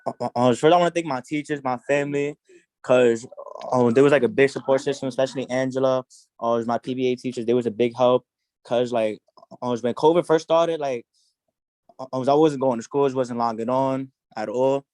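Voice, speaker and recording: Hesitant young man, smooth dry voice. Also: medium pitch, fairly even intonation, fairly quick, darkish tone, dry recording. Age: young adult. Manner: hesitant, many fillers and restarts. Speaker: graduate. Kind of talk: casual speech on a video call. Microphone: video call.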